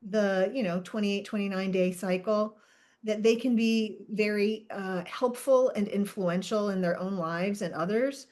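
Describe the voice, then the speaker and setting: A woman's voice: medium pitch, a little mellow. Chatty laughing woman podcast co-host. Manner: chatty, laughs often, self-interrupting. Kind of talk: casual chat.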